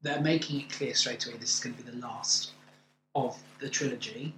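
A man's voice: mid-range voice, steady tone, brisk, pushed and bright. A man co-hosting a podcast, chatting enthusiastically and sharing opinions. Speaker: podcast co-host. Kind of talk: casual chat reviewing a musical. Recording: echoey room with faint noise.

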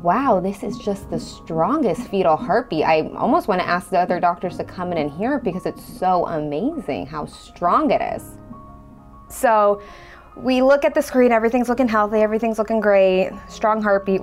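A woman telling her own story in a conversational way, acting out the dialogue she quotes. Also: medium pitch. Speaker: storyteller guest. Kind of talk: personal storytelling.

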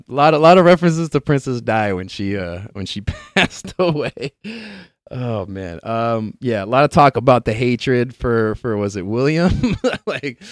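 A man's voice: medium pitch, no room sound, clean studio sound. A man hosting a live-streamed podcast in a loose, rambling way, laughing often and swearing casually.

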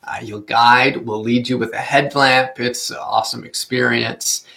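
A man's voice: mid-range voice, fairly even intonation, measured pace, creaky, sharp tone. A man talking casually as a travel vlogger, giving tips in a chatty way with many fillers and careful Spanish pronunciation. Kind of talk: casual travel guide talk.

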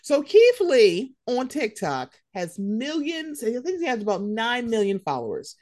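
A young woman hosting a casual pop-culture chat, animated and slangy, swearing freely. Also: on the high side, a little slow, no room sound, clean studio sound. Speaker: podcast host.

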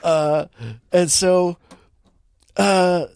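A man's voice: high-pitched, fairly even intonation, extremely slow, creaky, darkish tone, smooth, no echo, clean studio sound. A man giving a rambling, sarcastic recap of a movie, with many fillers and acted quotes.

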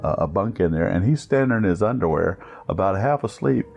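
A man telling a funny scouting story, animated and chuckling, acting out other people in high-pitched voices. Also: a little fast, creaky, dull audio. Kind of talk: storytelling anecdote.

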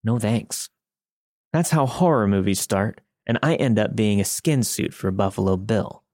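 A man's voice: fairly low pitch, a little slow, a little mellow, no echo, clean studio sound. Man reading a first-person horror story. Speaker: story narrator.

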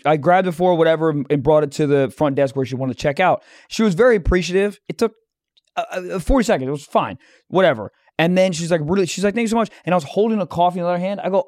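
Rambling comedian telling road stories. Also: male voice, high-pitched, a little mellow, no room sound, clean studio sound. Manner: rambling anecdotes with fillers and laughs. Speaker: comedian, podcast co-host. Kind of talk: casual storytelling.

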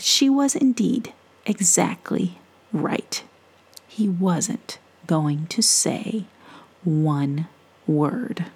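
A woman reading a children's story aloud in a soft, half-whispered, playful voice. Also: fairly low pitch, lively intonation, slow, long pauses. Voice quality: breathy, soft, playful with made-up words.

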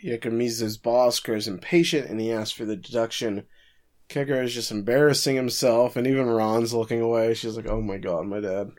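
A man co-hosting a casual podcast, recapping plot events at length and breaking in with quick quips. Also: medium pitch, fairly even intonation, darkish tone. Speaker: podcast co-host recapping an anime episode. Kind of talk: casual chat.

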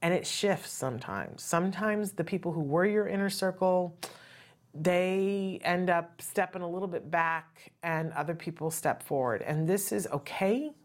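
A woman's voice: fairly low pitch, a little slow. Earnest, chatty woman host. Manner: earnest, conversational, often asks "right?". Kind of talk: casual talk show monologue.

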